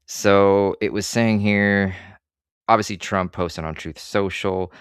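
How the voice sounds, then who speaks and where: An online commentator rants to camera, swearing freely and dripping with sarcasm as he drifts into rambling asides. His voice is on the low side, steady, slow and smooth. The studio-clean recording has no room sound.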